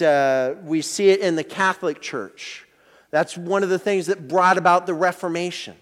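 Man, pastor, high voice, conversational sermon, lingering hall echo. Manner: explanatory, conversational teaching with many restarts.

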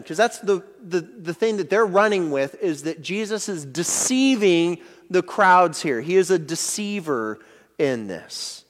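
High-voiced man preaching in a reverberant hall. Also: animated, unhurried. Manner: explanatory, conversational teaching with many restarts. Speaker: pastor. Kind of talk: sermon.

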